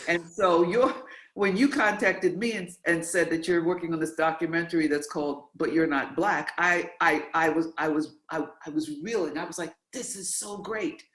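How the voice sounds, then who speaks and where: An interview host from New York speaks with animated emphasis. Words are repeated for effect, and the voice sits in the middle of its range. The sound is roomy and echoey. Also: mid-range voice, moderate pace. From New York, USA. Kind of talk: interview, conversational.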